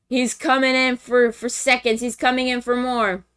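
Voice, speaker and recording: A woman's voice: a little high, flat delivery, normal speed, fairly bright tone, clean tone. A young woman streamer casually recapping a movie plot for friends, chatty and full of fillers and slang.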